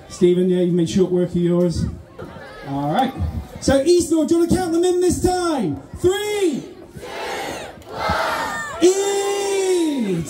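A man's voice: high-pitched, reverberant, slight background noise. Jokey man hosting a contest. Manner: jokey, teasing, shouted countdowns. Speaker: contest compère. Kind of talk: live event hosting. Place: outdoor festival in the sunshine.

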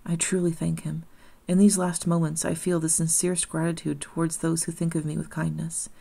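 A woman voicing a condemned young woman, resigned and pious, in a gentle, solemn audiobook reading. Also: low-pitched, little pitch movement, fairly quick, vocal fry, breathy edge, full character voice.

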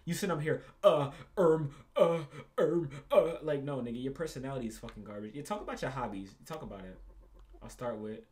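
A man's voice: medium pitch, lively intonation, quick pace, a little mellow. A young man hosting a reaction video, ranting casually and profanely, repeating himself and calling the listener bro.

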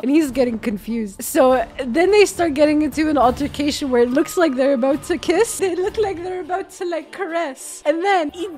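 A young woman streaming a game, joking and swearing as she comments, jumping between loud outbursts and low mumbles. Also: brisk, few pauses, soft background music. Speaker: gaming streamer. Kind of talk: casual gaming commentary.

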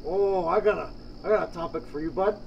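A man's voice: high-pitched, vocal fry, lo-fi sound, a little hiss or hum. A Canadian man, a guest on a casual podcast, talking in a laid-back way and calling everyone "bud". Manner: laid-back, says "bud" a lot, drawn-out promo delivery.

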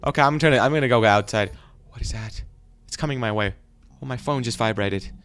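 A young man giving jumpy, frightened let's play commentary, often breaking into loud exclamations. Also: mid-range voice, brisk, no echo. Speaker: gaming YouTuber.

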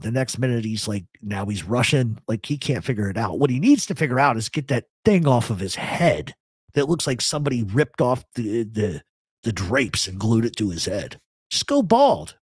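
A man's voice: medium pitch, animated, normal speed, husky, no echo, studio quality. A man hosting a live talk show, giving blunt, rambling opinions to viewers in the chat. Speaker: host. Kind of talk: live radio chat answering a chat.

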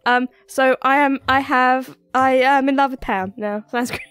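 A young woman hosting a casual let's play with her brothers, giggly and playful, her voice a little hoarse. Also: high-pitched, steady tone, normal speed, fairly bright tone, dry recording. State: voice going hoarse. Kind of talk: casual gaming chat.

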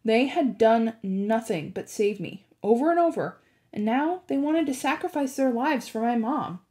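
Woman teacher, chapter book read-aloud, expressive, lively swooping pitch, slightly high voice. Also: normal speed. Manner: expressive, animated storytelling.

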